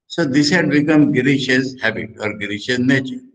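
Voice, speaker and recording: A man's voice: medium pitch, moderate pace, hardly any pauses, rough recording. Older man, Indian English accent, monk, religious discourse, repeats phrases, recites Sanskrit verses. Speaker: monk teaching scripture.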